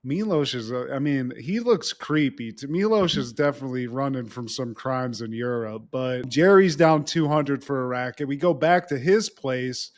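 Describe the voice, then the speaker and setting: A man's voice: medium pitch, moderate pace, hardly any pauses. A man co-hosting a podcast, animatedly retelling a TV episode in casual chat and swearing freely. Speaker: podcast co-host.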